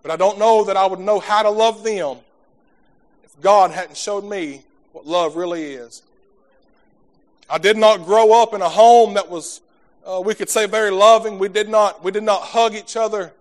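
A man's voice: high voice, moderate pace. A man preaching a sermon in a folksy, fervent way, stumbling over repeated words as he talks to his congregation. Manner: fervent preaching, swells from soft talk to shouting.

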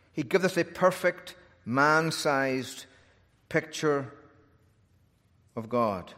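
A man delivers a sermon with a fairly high voice, animated and dotted with humor. His phrases swell and settle. A long hall reverb trails behind him. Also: takes it slowly, pauses often. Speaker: preacher.

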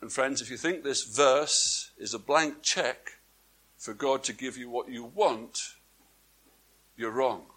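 A man preaching a sermon to a congregation, swinging from quiet, drawn-out phrases to emphatic ones and asking his listeners questions. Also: medium pitch, husky. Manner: repeats words for emphasis, asks the congregation questions. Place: church before a congregation, also streamed online.

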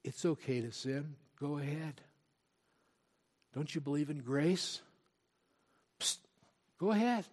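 A pastor voicing a sly tempter spirit who coaxes in a hushed, wheedling whisper. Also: male voice, a little high, expressive, slow pace, pauses often. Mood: coaxing.

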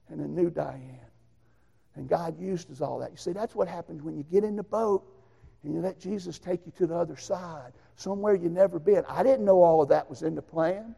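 A middle-aged man, a pastor telling his own story in a sermon, folksy and given to shouted bursts. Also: high voice, vocal fry, in a large hall. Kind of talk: sermon testimony.

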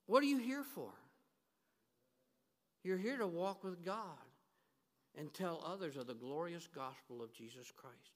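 A man preaching an emphatic sermon in a church, swinging between hushed and loud. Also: a little high, lively intonation, unhurried, long pauses. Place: church sanctuary. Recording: long hall reverb.

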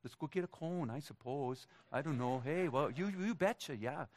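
A man's voice: on the high side, normal speed, pitched above the performer's own voice, natural voice. A man voicing an easygoing small-town Minnesotan man with a Minnesotan accent, in a folksy singsong way. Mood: chirpy. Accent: Minnesotan impression.

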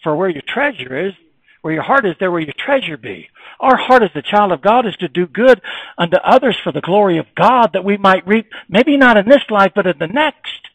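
A man preaching a sermon, emphatic and repetitive, swinging between quiet reflection and raised, insistent passages. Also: high-pitched, animated, brisk, dry recording, rough recording.

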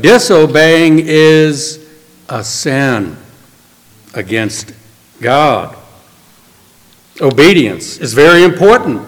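Pastor, male, high voice, earnest storyteller, recorded in a reverberant hall. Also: fairly bright tone. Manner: storytelling, earnest, acts out quotes. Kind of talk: sermon.

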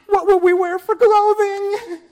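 Frantic fretful worrier, shrill and whiny, very high and loud, a man doing the voice mid-sermon. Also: flat delivery, a little slow. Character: frantic worrier fretting over food and clothes.

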